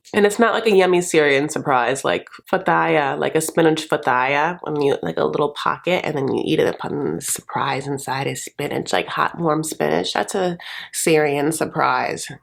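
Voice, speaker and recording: A woman's voice: sits low, creaky. A woman giving a sassy, casual comedic recap of a reality show, swearing freely and slipping into quoted voices.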